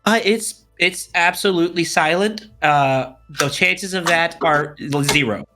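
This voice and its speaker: A man's voice: a little high, unhurried, music in the background. A man playing a tabletop game, joking bluntly with the group. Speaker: player. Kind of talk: casual role-play chat.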